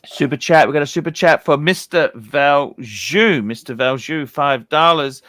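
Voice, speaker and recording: A man's voice: a little high, unhurried, a bit bright. A man hosting a casual livestream panel chat, jovial and reading out viewer super chats over a video call. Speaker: livestream host.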